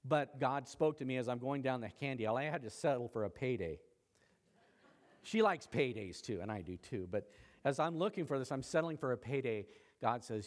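A middle-aged man, a pastor, preaching a sermon in a chatty way, now and then rising sharply in pitch and loudness. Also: lively intonation, brisk, long reverb tail. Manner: conversational preaching with sudden rises in pitch and volume.

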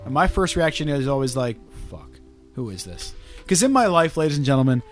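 A man hosting a podcast, telling stories and teasing his friends in crude, quick banter. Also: on the high side, animated, soft background music. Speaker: podcast host.

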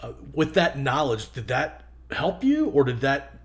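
An American man hosts a casual podcast interview, speaking at a middle pitch. He keeps to short prompts and clarifying questions for his guest. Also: sing-song, unhurried. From United States. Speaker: podcast host.

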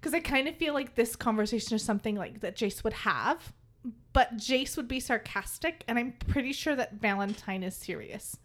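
A woman's voice: on the high side, expressive, normal speed, a bit bright. A woman in her thirties co-hosting a casual book chat, reading passages aloud and joking, swearing casually and laughing often.

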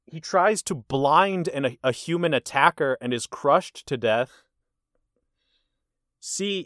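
A man hosting a casual movie quiz. He reads the answer options deliberately and teases his guest. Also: on the high side, no room sound, studio quality. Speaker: quiz host. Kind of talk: casual podcast chat.

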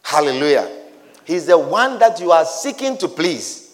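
A man preaching a sermon in an emphatic, repetitive style that builds to shouts. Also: a little high, big pitch swings, moderate pace. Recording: reverberant hall.

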